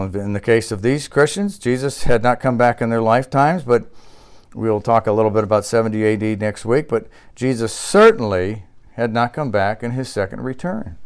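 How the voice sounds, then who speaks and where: A man preaching a sermon to his congregation, asking rhetorical questions and building to emphatic, raised passages. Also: mid-range voice. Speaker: pastor.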